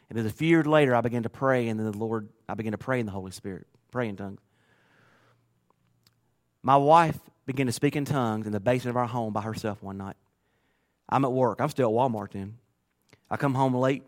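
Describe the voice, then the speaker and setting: A man pastor preaching a sermon through personal stories, earnest and emotional, moving from quiet to loud. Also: medium pitch. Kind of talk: storytelling sermon.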